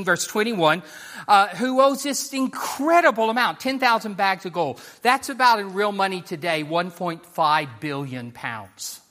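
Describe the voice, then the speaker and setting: A man preaching a sermon in a high, bright voice. He talks earnestly and with emphasis, leaning on repeated phrases as he addresses his congregation. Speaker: pastor.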